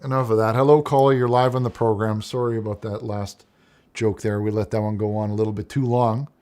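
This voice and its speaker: A man's voice: lowish voice, flat delivery, a little fast, darkish tone, slight background noise. A man hosting a call-in show, chatting casually with callers and teasing them in a dry, unflappable way. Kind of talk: casual radio chat.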